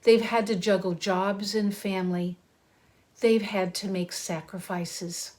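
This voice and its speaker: Unhurried middle-aged woman speaking at a graduation. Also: medium pitch, flat delivery, darkish tone. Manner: slow, deliberate, earnest speechmaking. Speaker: art school program chair. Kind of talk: recorded commencement address.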